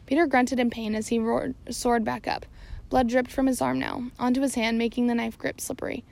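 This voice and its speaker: Woman with a gravelly voice reading aloud. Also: a little high, brisk. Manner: steady reading with occasional slips and self-corrections. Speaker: audiobook narrator. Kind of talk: scripted narration.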